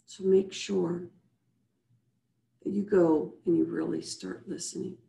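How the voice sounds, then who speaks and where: A woman with a lowish, dark, creaky voice speaks slowly and flatly, and the sound is reverberant. Hosting a live video-call show as a business coach, she wraps up with a motivational segment, guiding listeners through breathing and posing repeated rhetorical questions.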